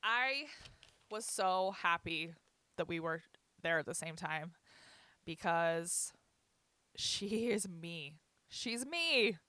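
Bright, bubbly woman telling stories. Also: on the low side, slow, long pauses, no echo. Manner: laughs often, animated quoting of others. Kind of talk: casual storytelling chat.

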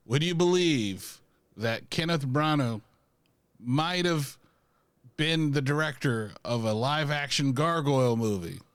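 A man's voice: medium pitch, slow pace, clean tone, dry recording. Laid-back man with a dry close voice. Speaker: podcast co-host. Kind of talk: casual pop culture chat.

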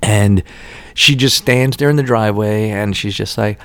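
A man telling casual, profane stories with lots of laughter in an animated, swearing manner. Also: mid-range voice, a little fast, no room sound.

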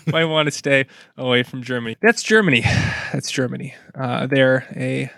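A man's voice: medium pitch, fairly even intonation, moderate pace, creaky, a bit bright, no echo, studio quality. A man hosting a casual soccer preview, easygoing and joking while breaking down teams. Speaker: sports podcast host.

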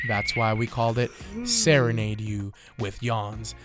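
A young man co-hosting a podcast, telling stories in loose casual chat, laughing often and swearing freely. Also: lowish voice. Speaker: podcast co-host.

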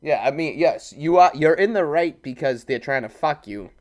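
A man's voice: a little high, animated, moderate pace, darkish tone. A man co-hosting a casual podcast, egging his friend on with crude jokes. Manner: joking, egging on with crude quips. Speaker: podcast co-host.

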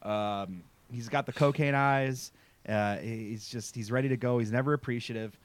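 A man with a medium-pitched, steady voice recaps a TV episode on his podcast at a moderate pace. His chat is casual, rambling and jokey, packed with fillers and swearing.

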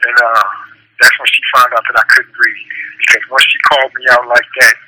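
A man's voice: mid-range voice, little pitch movement, a little fast, pushed and bright, poor audio. A man recounting his childhood in a colloquial, earnest way, often repeating words as he restarts sentences. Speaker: guest telling his life story. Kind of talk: personal storytelling.

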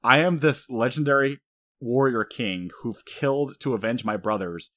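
A man's voice: mid-range voice, normal speed, fairly bright tone, close to an everyday voice. A man voicing a grieving, guilt-ridden warrior king as he retells an anime scene. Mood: anguished.

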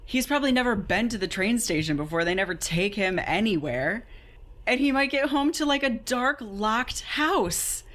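A woman's voice: a little high, animated, normal speed, fairly bright tone. A woman co-hosting a podcast, chatting casually about a book, incredulous and swearing freely with lots of "like". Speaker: podcast co-host.

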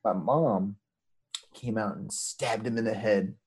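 A man's voice: on the low side, slow, crowd noise, poor audio. A man in casual chat telling a rambling story, acting out what others said. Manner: rambling, many fillers and restarts, acts out quotes.

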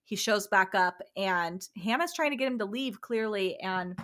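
Bright, bubbly young woman chatting. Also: medium pitch, lively intonation, normal speed. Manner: bubbly, laughs often, many fillers. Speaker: podcast co-host. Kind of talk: casual chat recapping a reality show.

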